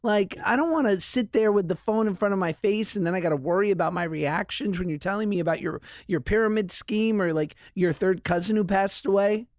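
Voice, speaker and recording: A man's voice: sits high, brisk, few pauses, dry recording, clean studio sound. A man in his thirties hosting a podcast in casual chat, wry and joking, laughing often. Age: 30s. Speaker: podcast host.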